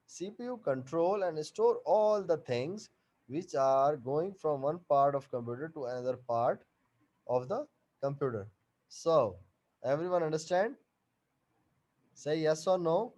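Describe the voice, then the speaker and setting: A man teaching an online class over a video call, explaining slowly and repeating each point and question. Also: fairly high pitch, dark tone.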